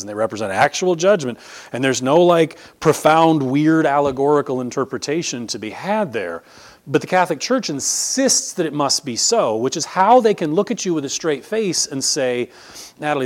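Animated man preaching a conversational sermon. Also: fairly high pitch. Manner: conversational, animated, jokey asides. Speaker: pastor. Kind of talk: sermon teaching.

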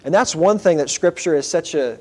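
A man's voice: fairly high pitch, animated, fairly quick. A man preaching a sermon in an earnest, conversational way, with asides to the congregation. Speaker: pastor.

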